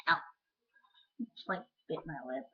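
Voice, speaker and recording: A teenage girl rambling in a casual vlog chat, full of "like" and quick asides. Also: low-pitched, sharp tone, slightly rough. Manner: chatty, rambling, lots of "like". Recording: lo-fi webcam audio.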